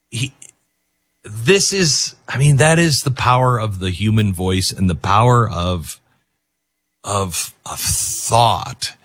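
A male talk show host talks with a husky, somewhat low voice that rises and falls widely. He rambles and gets emotional, restarting his sentences. The sound is dry and close on a studio mic. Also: expressive, takes it slowly, a bit bright, no echo. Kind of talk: casual talk radio commentary.

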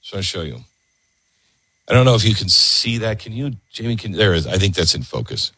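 A man's voice: on the low side, big pitch swings, brisk, sharp tone, husky, dry recording. A man hosting a political talk radio show, ranting sarcastically. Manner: sarcastic, ranting, mocking voices.

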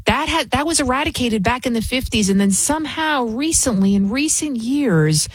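A woman's voice: on the high side, animated, normal speed, slightly rough, no echo. Combative, sarcastic woman talk host. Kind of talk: political commentary talk show.

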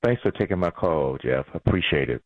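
Deep-voiced preachy caller on a phone line. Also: male voice, lively intonation, a little fast, vocal fry, no room sound. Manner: earnest, preachy, stumbling restarts. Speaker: radio caller. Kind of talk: call-in comment.

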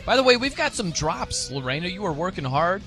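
A man's voice: high voice, a little fast, faint music behind. A man hosting a sports radio show, chatting casually and acting out other people's pronunciations as he tells stories. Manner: animated storytelling, mimics others' pronunciations.

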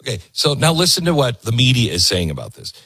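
A man's voice: medium pitch, wildly swooping pitch, fast talker, a bit bright, breathy edge, no room sound. A man hosting a show, commenting emphatically on video clips he plays. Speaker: host.

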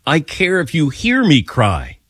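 A man's voice: a little high, wildly swooping pitch, unhurried, fairly bright tone, husky, no echo, studio quality. A man hosting a call-in radio show, chatting casually, laughing readily and poking fun at himself. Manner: laughs readily, self-mocking. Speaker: radio talk show host.

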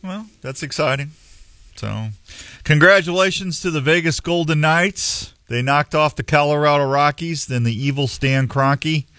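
A man's voice: a little high, a little slow, fairly bright tone, no room sound, clean studio sound. A man hosting a radio show in casual chat, joking and opinionated.

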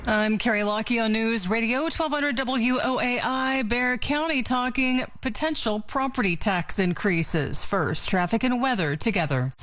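A woman anchoring a local radio newscast, reading the headlines and weather in a crisp, measured way. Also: a little high, a bit bright, faint music behind.

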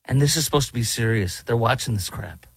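A man's voice: mid-range voice, animated, a little fast, creaky, husky, dry recording. A man giving sarcastic political commentary on clips, mocking the people he shows. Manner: mocking, mimics others in exaggerated voices.

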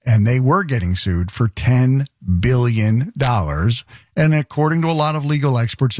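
A man's voice: mid-range voice, darkish tone, dry recording, studio quality. Sarcastic rambling talk radio host man. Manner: rambling, sarcastic, exasperated asides. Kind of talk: news commentary monologue.

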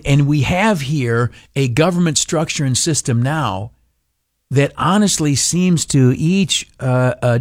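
Middle-aged male host, grumpy ranter, mid-pitched, dry close sound, lots of stumbles and ums. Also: no room sound. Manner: grumpy ranting, stammered restarts, many fillers. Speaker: commentary host. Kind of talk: political monologue.

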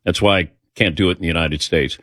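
A man's voice: sits low, fast, a bit bright, no echo, clean studio sound. A middle-aged man hosting a talk show, telling a personal story in a rambling, anecdotal way and acting out the dialogue.

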